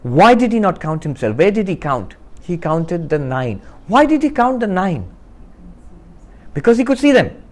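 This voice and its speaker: A man giving a spiritual talk to a live audience, telling a story and acting out its characters with lively shifts of voice. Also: sits high, moderate pace. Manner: asks the audience questions. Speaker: spiritual teacher.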